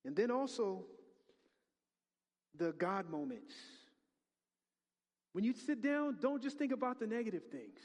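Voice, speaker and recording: High-voiced preacher in a reverberant hall. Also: male voice, a little slow, pauses often. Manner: animated, swings from hushed prayer to loud exclamations. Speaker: pastor. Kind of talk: sermon.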